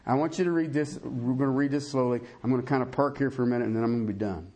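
On a muffled recording, a male pastor races through his sermon. He reads scripture aloud and alternates between loud, rising emphasis and low, quiet asides with a folksy feel.

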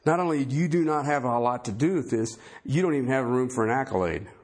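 A man's voice: mid-range voice, animated, fast talker, a little mellow. A man preaching a sermon, talking conversationally and emphatically and firing rhetorical questions at the congregation.

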